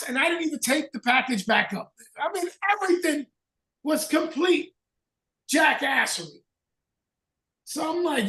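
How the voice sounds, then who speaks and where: A man with a gravelly Northern US accent spins a profane, animated story, acting out every bit of dialogue. He is speaking over a video call, and his voice carries a roomy echo. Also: extremely high pitch, normal speed, far from the mic. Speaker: podcast host. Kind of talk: casual storytelling chat.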